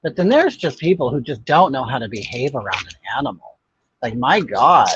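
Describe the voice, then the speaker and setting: A man's voice: mid-range voice, very animated, normal speed, fairly bright tone, a little hiss or hum. An older man hosting a casual livestream chat, talking in a sassy, blunt, gossipy way and answering viewers' comments. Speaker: livestream host. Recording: dull, muffled dry audio.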